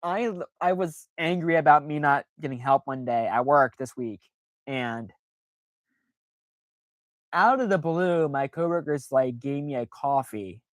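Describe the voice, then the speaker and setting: A woman with a notably low voice, recorded close and dry with no room around her. She talks in a loose, rambling livestream chat, stacking fillers and restarts, pokes fun at herself, and slips into playful voices to act out what people say. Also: measured pace, no echo. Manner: rambling, filler-heavy, self-deprecating; acts out quoted reactions in playful voices. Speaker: streamer.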